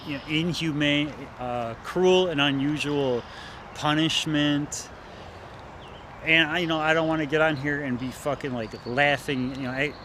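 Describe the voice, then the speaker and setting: A man's voice: fairly high pitch, pushed and bright, a little hiss or hum. A man vlogging outdoors near parked cars, talking in a profane, agitated, rambling way with many fillers. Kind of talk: rambling monologue to camera.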